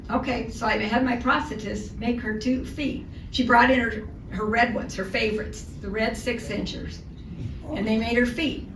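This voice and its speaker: An older woman giving a luncheon talk as a guest speaker, telling animated anecdotes with comic timing. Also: on the high side, normal speed. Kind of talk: storytelling speech. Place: luncheon hall. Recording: echoey hall from far off, noisy.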